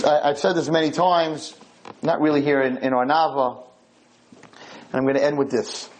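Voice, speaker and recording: Male teacher, high voice, animated class storyteller with sudden hushed drops. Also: poor audio. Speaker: Torah teacher.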